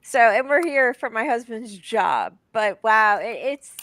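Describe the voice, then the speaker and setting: A woman's voice: on the high side, expressive, unhurried, a bit bright, dry recording. A woman from Michigan, a guest on a casual live stream, who talks chattily and laughs often.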